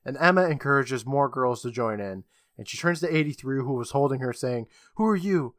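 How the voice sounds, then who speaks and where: A man's voice: medium pitch, brisk, fairly bright tone, no echo, studio quality. A man co-hosting a podcast, recapping an episode in a casual, joking storytelling manner with casual swearing. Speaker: podcast co-host.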